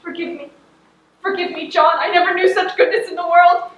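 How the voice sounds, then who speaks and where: Teen girl acting a plain pleading farm wife, high and sharp, roomy hall. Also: fairly even intonation, brisk, dull audio. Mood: tender. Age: late teens. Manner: earnest, pleading. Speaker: student actor. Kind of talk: stage acting in a school play. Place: school stage hall. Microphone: distant camera in the audience. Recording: echoey hall from far off.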